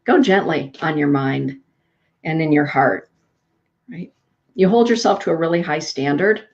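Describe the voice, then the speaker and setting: A woman with a lowish voice hosts a live spiritual card reading, chatty and affectionate with her viewers. Her affirmations come soft and gentle. The stream audio sounds dull and lo-fi. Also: measured pace. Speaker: spiritual show host giving card readings.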